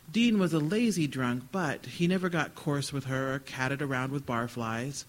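A man's voice: a little high, low-quality recording. A man giving a live reading of his literary fiction, with a dry, wry storytelling manner. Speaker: author reading.

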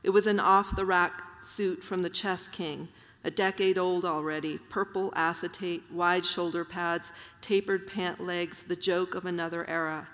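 A woman with a lowish voice reads her own prose to an audience, measured and even. Her voice rings with the long reverb of a hall. She adds soft fillers between passages. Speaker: author reading her work. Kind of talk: literary reading aloud.

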